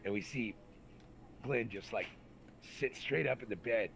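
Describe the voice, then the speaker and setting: A man's voice: medium pitch, a little slow, gravelly, a bit bright, a little hiss or hum, low-quality recording. A man from California telling rowdy army stories in casual, profane chat. He acts out the people in his stories and talks with plenty of fillers. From Santa Rosa, California, USA. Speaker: storyteller recalling army days.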